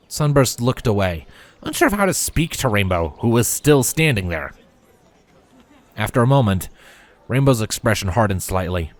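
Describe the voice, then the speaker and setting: A man reading fanfiction aloud as narrator, in a lively storytelling manner. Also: on the low side, moderate pace.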